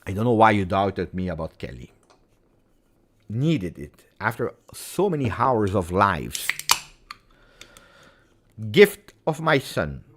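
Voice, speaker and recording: Excitable football fan host. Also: male voice, lowish voice, slow pace, pauses often, background noise. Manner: excitable, swings from muttering to shouting. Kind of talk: live football watch-along commentary.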